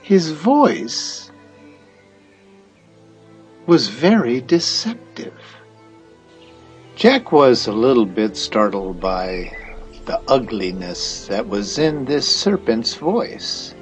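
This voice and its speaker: A man narrating a storybook tale in a slow, expressive reading. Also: medium pitch, soft background music.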